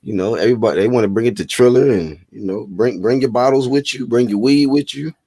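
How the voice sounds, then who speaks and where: A man co-hosting a casual boxing chat, laid-back and slangy, quick to laugh. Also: medium pitch, dark tone, no echo.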